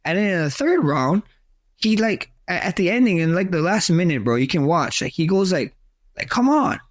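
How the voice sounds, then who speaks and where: A man's voice: high voice, moderate pace, dry recording, studio quality. A man talking casually as a guest on a podcast, acting out quotes and saying "bro" and "like" all the time. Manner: animated storyteller, acts out quotes; says "bro" and "like" often. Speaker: guest fighter.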